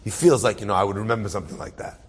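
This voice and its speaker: A rabbi with a fairly low, husky voice tells a story aloud very fast, acting out the characters' voices as the emotion rises. The recording carries the reverb of a large hall.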